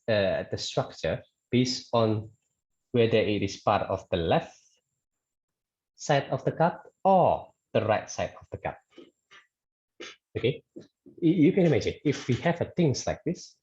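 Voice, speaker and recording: A man's voice: mid-range voice, a little mellow, highs cut off. A man teaching a statics lecture online, hesitant, with many fillers and restarts, often checking in with "okay".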